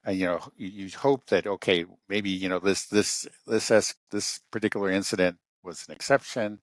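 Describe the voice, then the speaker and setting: A man with a very low, deep voice talks in an unscripted political discussion. He stops and restarts often and fills his pauses with um and you know. The sound is dry and close, with no room around it. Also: fairly even intonation, dry recording. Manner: halting, many restarts and fillers.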